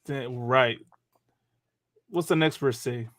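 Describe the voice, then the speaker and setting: A man's voice: medium pitch, slow pace, fairly bright tone, dry recording. A man hosting a casual religious talk show, loose and chatty, often laughing and asking "you know what I mean". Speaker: radio show host.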